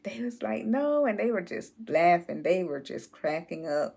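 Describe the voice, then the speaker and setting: A woman telling a childhood story to her viewers in a relaxed, drawn-out way. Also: on the low side, gravelly, husky. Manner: slow, drawn-out storytelling, addresses viewers as y'all. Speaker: channel host. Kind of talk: casual storytelling vlog.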